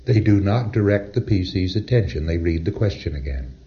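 A man's voice: deep voice, lively intonation, fairly quick, dull audio. A man giving a conversational, wry lecture to trainees, acting out short exchanges as he goes.

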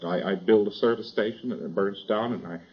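A man voicing a hapless, stammering fellow who whines about his bad luck, low and quiet, on a dull old tape. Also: fairly quick, lightly acted. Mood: sorry for himself. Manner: stammering, repeats himself.

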